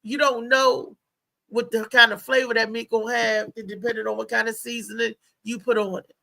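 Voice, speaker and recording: A middle-aged woman comedian with a gravelly, bright voice tells a loose, rambling story in casual talk-show banter. She laughs a lot and restarts her sentences as she goes. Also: a little high, flat delivery, a little fast.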